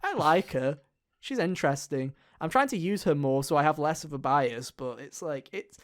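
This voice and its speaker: Guy rambling about games on a podcast, kinda high voice, swears a ton. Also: animated, normal speed. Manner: rambling, profane, lots of fillers. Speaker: podcast co-host. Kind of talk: casual gaming chat.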